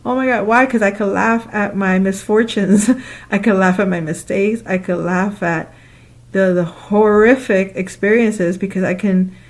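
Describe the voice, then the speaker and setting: A woman talking casually in a spiritual monologue, animated and playful, acting out her own past thoughts with laughing asides and long loose lists. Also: medium pitch, measured pace. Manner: repetitive listing, loose conversational phrasing. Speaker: spiritual speaker.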